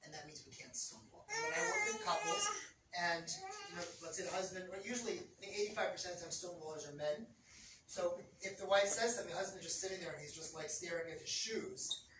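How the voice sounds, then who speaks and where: Animated woman explaining, roomy distant sound. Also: on the low side, fast, noisy background. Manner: animated, acts out quoted couples. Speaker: couples therapist. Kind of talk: explanatory talk on relationships.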